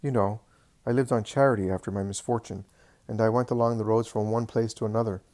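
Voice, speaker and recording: A man's voice: fairly low pitch, fairly even intonation, fast, darkish tone, natural voice. A man doing an earnest humble beggar friend. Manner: earnest, eager storytelling. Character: kind humble male beggar friend, devoted.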